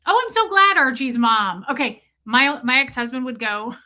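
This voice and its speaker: A woman's voice: high-pitched, big pitch swings, moderate pace, hardly any pauses, sharp tone. A woman hosting a livestream, chatting casually and candidly with her viewers and swearing freely. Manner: candid and profane, talks straight to chat. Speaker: livestream host. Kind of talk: casual livestream chat reading comments.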